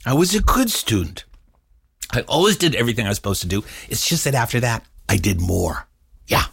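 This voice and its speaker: Animated storytelling man with a husky voice. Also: mid-range voice, brisk, no echo, clean studio sound. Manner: animated, acts out voices and sounds. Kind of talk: storytelling performance.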